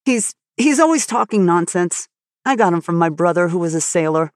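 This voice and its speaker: A woman's voice: lowish voice, expressive, normal speed, dry recording, studio quality, natural voice. A woman voicing a nervous, sheepish older farmer with a hasty temper, who stammers and blurts when flustered.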